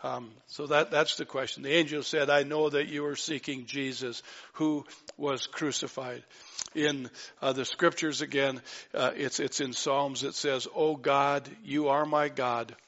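A man's voice: mid-range voice, steady tone, measured pace, fairly bright tone. A man preaching a sermon, fervent, rising to exclaim lines of scripture. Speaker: pastor. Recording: dull sound in a reverberant hall.

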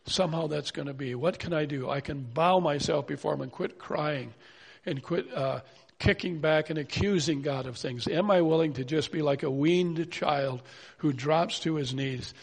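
A man's voice: on the high side, moderate pace, vocal fry, slightly rough. A man preaching a sermon in an earnest, pleading way, full of rhetorical questions. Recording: long hall reverb.

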